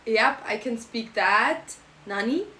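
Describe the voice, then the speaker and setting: A woman's voice: on the high side, a little slow, a bit bright, poor audio. A young woman streamer with a German accent, chatting playfully and reading out her live chat. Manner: playful, jokey, switching into silly mock phrases.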